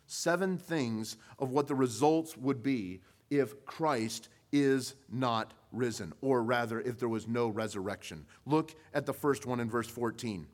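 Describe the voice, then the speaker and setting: A male pastor preaching a sermon, pushing his voice up for emphasis with rhetorical questions, then dropping low and quiet. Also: measured pace, few pauses. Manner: rises in pitch and volume for emphasis, then drops low.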